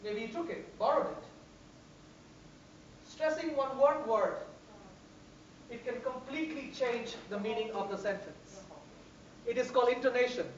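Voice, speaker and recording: A woman's voice: a little high, a little slow, long pauses, a little hiss or hum. Emphatic woman trainer in an echoey room. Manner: animated, emphatic, repeats phrases for stress. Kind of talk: classroom instruction. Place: large echoey classroom. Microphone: distant room microphone. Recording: echoey, distant, dull room recording.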